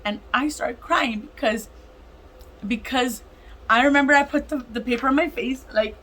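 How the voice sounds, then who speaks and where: A woman casually telling a heartfelt personal testimony, animated and emotional, acting out what others said. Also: sits high, normal speed, a little hiss or hum, rough recording. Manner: animated, emotional, acts out other people's lines. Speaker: vlogger sharing a testimony.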